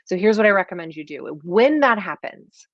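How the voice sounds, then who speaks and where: A woman in her thirties coaching an online audience in a chatty, animated way, her voice sitting fairly low. The sound is dry and close, with a slightly dull, lo-fi edge from a home setup. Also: normal speed, no echo. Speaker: performance coach.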